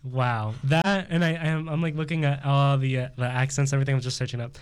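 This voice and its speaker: A man in a casual group chat, hesitant and quick to laugh. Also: mid-range voice, fairly even intonation, smooth. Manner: hesitant, giggly.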